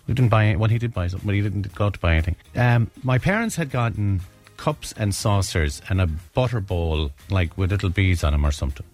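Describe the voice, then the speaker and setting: A middle-aged man with an Irish accent tells a rambling story, doubling back on himself and then correcting the details. His voice sits a little low but swings widely in pitch. Faint music plays underneath. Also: lively intonation, fast talker, darkish tone. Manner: rambling, self-correcting anecdotes. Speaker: radio co-host. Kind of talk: casual storytelling chat.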